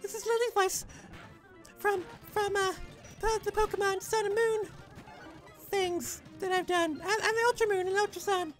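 A man voicing a timid, scared young girl in a high, halting, hesitant voice. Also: fairly even intonation, fairly bright tone, faint music behind, poor audio.

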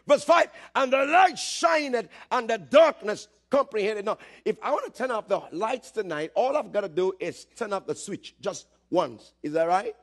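A man preaching a sermon with great passion, telling a story, calling out to the congregation and rising to shouts. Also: sits high. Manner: impassioned, building to shouts, calls for audience response. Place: church service, streamed live.

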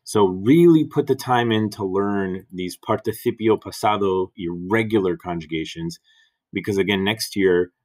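A man's voice: low-pitched, darkish tone. A man teaching Spanish grammar in a recorded lesson, patiently repeating and spelling out examples.

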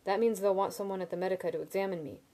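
A woman reading a novel aloud, voicing a shaken but wry and steady young man student in a dry, understated way. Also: mid-range voice, racing, lightly acted. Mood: calm.

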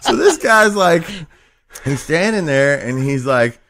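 Rambling, profane man with a lively voice. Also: a little high, measured pace. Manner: rambling, profane, laughs through his stories. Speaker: podcast host. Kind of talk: casual chat, crude storytelling.

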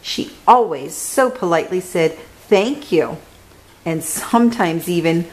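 A woman hosting a children's reading show, reading a picture book aloud in a gentle, careful way. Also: lowish voice, moderate pace, poor audio. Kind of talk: storybook read-aloud.

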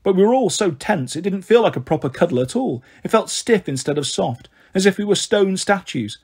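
Male storybook reader, animated, slightly husky. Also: high voice, fairly quick. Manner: expressive, voicing characters. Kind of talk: reading a children's novel aloud.

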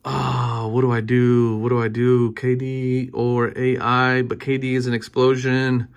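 A man in his thirties giving excited, casual commentary while opening trading card packs, often repeating himself and breaking into cheers. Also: medium pitch, moderate pace, hardly any pauses, slight background noise.

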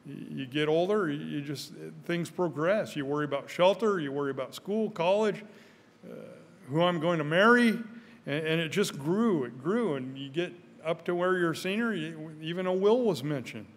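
An older man preaching a sermon in a church, earnest, often repeating his first words, growing louder when stirred. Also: fairly high pitch, lively intonation, normal speed. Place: church sanctuary. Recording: church hall with long reverb.

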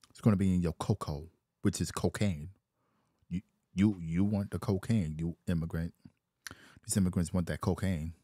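Low voiced guy going off on a rambly vlog rant, dry close sound. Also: normal speed, warm tone, dry recording. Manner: rambling, repetitive complaining. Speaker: vlogger. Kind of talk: casual rant.

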